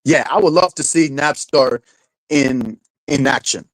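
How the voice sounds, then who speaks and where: A man's voice: medium pitch, measured pace, a bit bright, dry recording, low-quality recording. Rambling man ranting on a livestream. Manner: rambling, repeats words, heavy fillers like 'like' and 'you know'; swears casually and laughs often. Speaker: live streamer.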